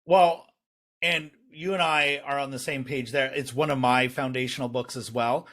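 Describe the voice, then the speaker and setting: Relaxed male podcast host. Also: medium pitch, normal speed. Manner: relaxed, uses many fillers like um and you know. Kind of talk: podcast interview.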